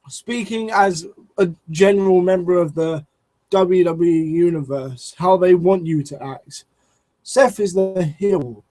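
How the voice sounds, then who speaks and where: A man's voice: high voice, no room sound, low-quality recording. A man reviewing a wrestling show in a casual, rambling way, swearing and restarting his sentences often. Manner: rambling, profane, lots of restarts and fillers.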